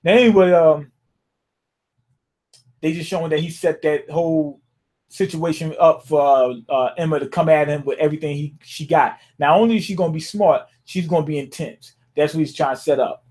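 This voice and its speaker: A young man with a high voice talks through a manga chapter in a loose, rambling way. He keeps checking in with his listeners, casual and conversational from start to finish. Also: moderate pace, darkish tone. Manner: rambling, loose and conversational, often asks "you know what I'm saying?". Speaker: manga reviewer.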